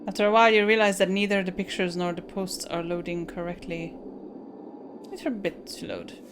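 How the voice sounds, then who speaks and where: A woman's voice: on the low side, level tone, slight background noise. Woman reading game text aloud, swearing. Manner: reads on-screen text aloud, breaks off with blunt swearing and quick asides. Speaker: video game player.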